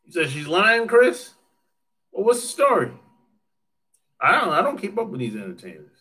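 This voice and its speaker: A man's voice: sits high, huge pitch swings, brisk, bright, forceful tone. A man chatting casually on a livestream, joking, swearing freely and laughing often as he answers viewer comments. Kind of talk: casual chat.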